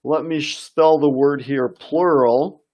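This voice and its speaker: A man's voice: a little high, steady tone, slow pace, muffled recording. A man teaching an English vocabulary lesson on a live stream, reading viewer comments aloud and encouraging them.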